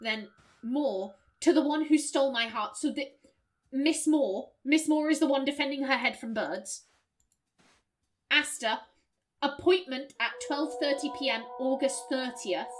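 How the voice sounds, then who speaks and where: A woman's voice: high-pitched, a little slow. A woman hosting a puzzle game let's play, reading clues aloud and musing as she works them out, laughing easily.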